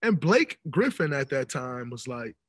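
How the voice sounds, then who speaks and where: A man in his thirties, a podcast guest telling stories in an animated, emphatic way. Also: medium pitch, measured pace, dry recording. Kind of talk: casual podcast conversation. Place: podcast studio.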